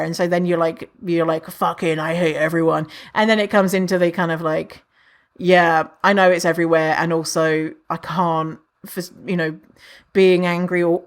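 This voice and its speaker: A woman hosting a solo podcast, chatty and animated, who swears freely and acts out what people say in a higher voice. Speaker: podcast host. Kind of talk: casual solo podcast monologue.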